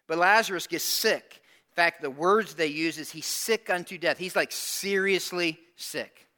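A man preaching a sermon, telling a story in an animated, conversational way and acting out the people in it. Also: high-pitched. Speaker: pastor.

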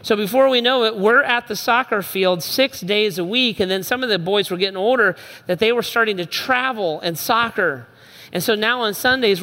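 A middle-aged man preaching a sermon as a pastor, telling family stories and acting out the voices of his kids, swinging from shouting down to soft and low. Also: big-room sound.

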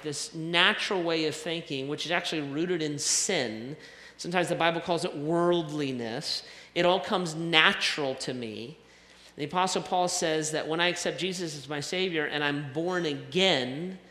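Male pastor, somewhat high, bright voice, conversational preaching, church hall with long reverb. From American South. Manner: conversational, self-deprecating preaching with repetitions. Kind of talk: sermon. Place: church sanctuary.

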